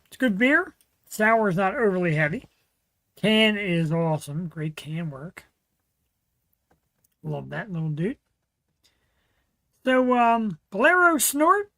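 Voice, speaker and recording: A man's voice: high voice, animated, slow pace, long pauses, fairly bright tone, dry recording, rough recording. A man hosting his own livestream show, chatting casually and rambling with lots of fillers. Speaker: host. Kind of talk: casual solo livestream chat.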